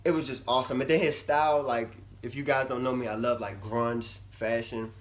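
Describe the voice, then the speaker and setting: A young man vlogging casually to camera, chatty and animated, his voice swinging from loud bursts to low mumbles. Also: a little fast. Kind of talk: casual vlog talk to camera.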